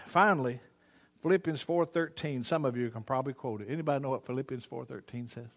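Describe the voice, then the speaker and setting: An older man preaching a sermon, folksy and teasing, moving between quiet asides and loud preaching. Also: medium pitch, fast talker. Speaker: pastor.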